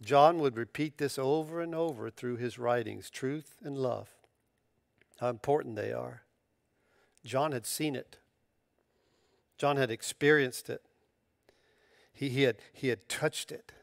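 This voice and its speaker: A man preaching a sermon as pastor, in a conversational, emphatic way, using casual slang and restarting his phrases, rising sharply when excited. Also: mid-range voice, a little slow, creaky, pauses often, dry recording, clean studio sound.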